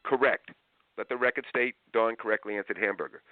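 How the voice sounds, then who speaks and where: A man talking as an interview guest about parenting, telling stories in an animated way and acting out parents and kids in raised voices. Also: on the low side, fairly quick, no echo. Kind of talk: lively interview storytelling. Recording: tinny phone-like line.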